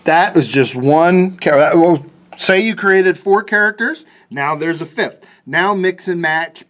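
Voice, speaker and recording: A man's voice: sits high, takes it slowly, a bit bright. A man, probably middle-aged, teaching a casual cartooning lesson in a chatty, playful way, with fillers and restarts. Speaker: cartoonist teaching a drawing class. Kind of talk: casual drawing lesson for kids.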